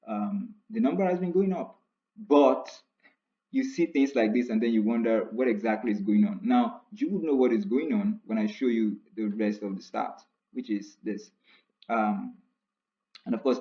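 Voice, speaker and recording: A man casually walking through his stats on a screen share, repeating phrases and jumping up in pitch to stress numbers. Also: dull audio. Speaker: online writer explaining platform stats.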